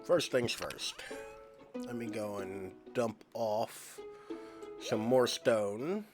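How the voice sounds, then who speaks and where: A man's voice: on the low side, very slow, over music. Rambling casual man streaming a game. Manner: rambling, many "like" fillers. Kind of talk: casual gameplay chat.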